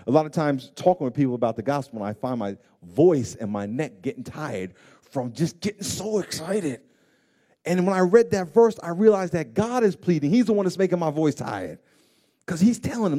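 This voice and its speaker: A man preaching a sermon as pastor. He swings from hushed, intimate words to loud, pleading emphasis and repeats phrases to drive them home. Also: mid-range voice, animated, brisk. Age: adult parent of grown children.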